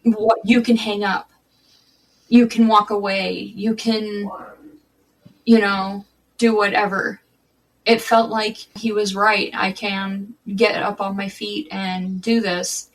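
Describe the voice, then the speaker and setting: A woman's voice: mid-range voice, little pitch movement, takes it slowly, recorded from a distance, rough recording. Candid woman telling her story, a bit off-mic. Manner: candid, conversational, with frequent restarts. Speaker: podcast guest. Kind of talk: personal storytelling in a podcast interview.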